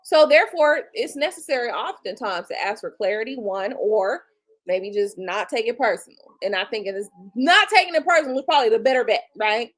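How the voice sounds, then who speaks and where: A woman's voice: fairly high pitch, a little fast, low-quality recording. A woman in her forties, a tarot reader hosting her livestream, ranting casually in a blunt, profane way with features and sarcastic asides. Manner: blunt and profane, animated, with mocking quoted retorts.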